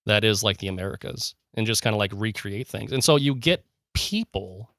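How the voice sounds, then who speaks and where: Rambling, eager man, low voice. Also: animated, normal speed, fairly bright tone, no room sound, studio quality. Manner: enthusiastic, rambling with many fillers and restarts. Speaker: podcast co-host. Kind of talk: casual conversational podcast.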